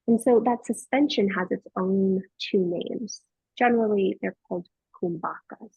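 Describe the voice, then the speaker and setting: Gravelly, husky-voiced woman guiding yoga. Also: medium pitch, no room sound, narrow, tinny audio. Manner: slow, soothing cues paced to the breath. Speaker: yoga teacher. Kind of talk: guided yoga class instruction.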